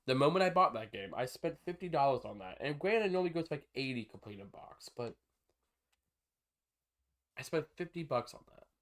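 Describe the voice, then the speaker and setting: Chatty male streamer, rambling and excitable. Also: medium pitch, normal speed. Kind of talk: casual live-stream chat while gaming.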